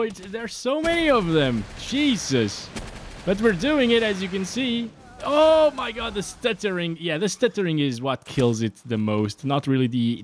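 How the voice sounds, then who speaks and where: A man giving casual, excitable commentary over his own gameplay, laughing often and restarting his sentences. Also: a little high. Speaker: gaming hardware youtuber.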